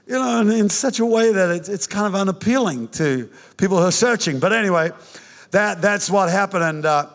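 An older man preaching a sermon, telling his own conversion story in an animated, joking way with many restarts. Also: high-pitched, brisk. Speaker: pastor. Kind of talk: sermon with personal testimony. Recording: reverberant hall.

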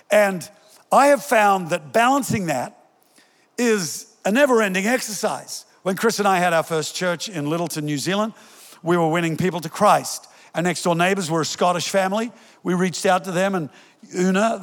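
An older man preaching a sermon as pastor, energetic and joking with his congregation, rising in pitch when he quotes scripture. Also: normal speed. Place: large church hall. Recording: long reverb in a large hall.

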